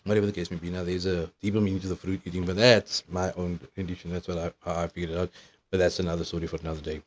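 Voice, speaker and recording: A man's voice: low-pitched, little pitch movement, very fast, slight background noise. A man in his thirties telling a meandering, profanity-laden story in a casual monologue. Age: 30s. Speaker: vlogger.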